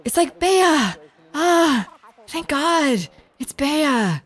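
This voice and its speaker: An actress playing a blunt, rebellious young woman who rambles and swears in halting bursts. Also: high voice, very animated, full character voice. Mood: flustered.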